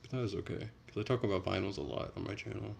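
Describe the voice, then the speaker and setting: A young man on a casual late-night livestream, reading chat and rambling in a relaxed, soft-spoken way. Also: fairly low pitch, fast talker, creaky, a little hiss or hum.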